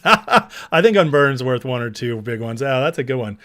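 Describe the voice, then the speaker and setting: A man's voice: medium pitch, expressive, moderate pace, a bit bright. A man hosting a casual livestream, chatting loosely and reading out viewer comments as he goes. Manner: chatty, reads out viewer comments and laughs along. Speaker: livestream host.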